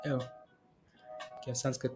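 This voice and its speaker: A man's voice: a little slow, darkish tone, soft background music. A man hosting a casual trading livestream, rambling with many fillers as he reads out viewer questions. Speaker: stock and crypto livestream host.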